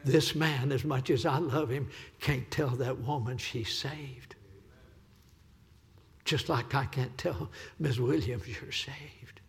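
A man's voice: medium pitch, slow pace, long pauses. Impassioned man preaching a sermon. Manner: impassioned, repetitive pleading. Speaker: evangelist preacher. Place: church sanctuary. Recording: reverberant church hall.

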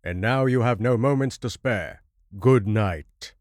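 A man voicing a bitter, reclusive older male scholar in a horror story reading, with a measured, grave and formal delivery. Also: medium pitch, dry recording, studio quality, close to an everyday voice.

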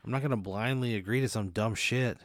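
A man co-hosting a podcast, answering a comic scenario in a wry, skeptical and deadpan way. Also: lowish voice, a little fast, no room sound, studio quality. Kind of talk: casual comedy banter.

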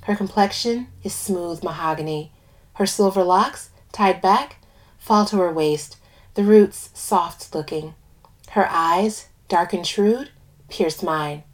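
Expressive woman reading a story. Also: on the low side, slow. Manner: expressive, voices the characters. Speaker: narrator. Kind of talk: first-person story reading.

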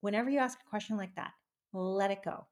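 A woman's voice: mid-range voice, fairly quick, a little mellow. A woman hosting a podcast, speaking directly and encouragingly to her listeners in a casual chat. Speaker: podcast host.

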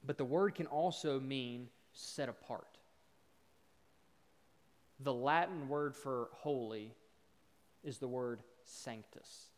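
A man delivers a sermon at an unhurried pace, his voice smooth and resonant. He builds emphasis on repeated words and then sinks quiet for weight. The sound carries a long reverb, as in a large church hall. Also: medium pitch. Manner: emphatic, swelling loud on repeated words then dropping soft. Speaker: preacher.

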